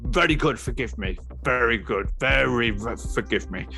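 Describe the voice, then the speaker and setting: Casting: man putting on a slow, hesitant committee chair with a Welsh tinge, bright edge to the voice, stammers apologetically. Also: a little high, expressive, vocal fry, soft background music, exaggerated voice. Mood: flustered. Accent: drifting into a put-on Welsh lilt. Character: bumbling middle-aged male meeting chairman. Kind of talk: improvised comedy sketch.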